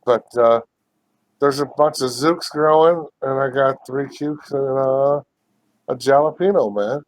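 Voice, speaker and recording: With a medium-pitched voice and a measured pace, this US podcast co-host chats casually over a video call. He's relaxed, rambles, and swears in an offhand way.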